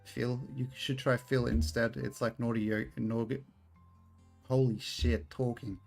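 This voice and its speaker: A man's voice: mid-range voice, flat delivery, measured pace, vocal fry, a little mellow, faint music behind. An Australian man streaming a game, rambling casually, swearing freely and joking at his own expense. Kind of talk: casual live-stream chat while playing.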